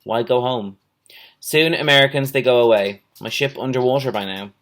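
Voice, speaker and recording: A man's voice: medium pitch, normal speed, a bit bright, lightly acted. A man reading a storybook aloud, voicing an old, wary male island hermit who speaks in clipped, broken English. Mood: solemn. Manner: clipped broken English, plain short phrases.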